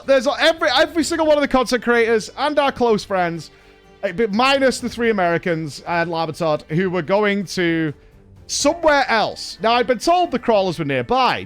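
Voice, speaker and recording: Guy on stream, high voice, swears a lot, laughs thru his stories. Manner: animated, swearing, laughing through anecdotes. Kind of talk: casual storytelling on stream.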